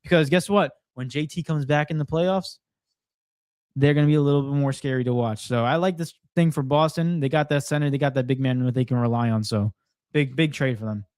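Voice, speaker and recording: A man co-hosting a casual sports chat, opinionated and confident, talking in quick bursts. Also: medium pitch, a little mellow, clean tone, dry recording. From Portuguese heritage. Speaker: co-host.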